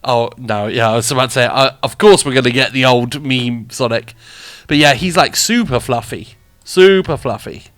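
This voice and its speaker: Host di uno stream, voce maschile media, chiacchierone e divagante, leggera musica di sottofondo. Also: male voice, mid-range voice, moderate pace, fairly bright tone, dry recording, faint music behind. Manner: rambling, chatty, laughs often. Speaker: radio show host and streamer. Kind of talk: casual live-stream chat.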